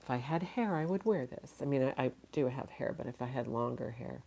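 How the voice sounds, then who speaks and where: A woman's voice: a bass voice, lively intonation, fairly quick, gravelly, background noise. A woman running a casual live-stream auction, chatty and thinking aloud, laughing often and a little tired. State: tired, yawning.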